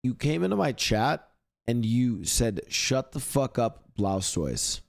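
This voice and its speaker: A young man streaming live, reacting to a video and ranting at his chat with heavy swearing, rising to near-shouting. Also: medium pitch, sing-song, slow pace, creaky.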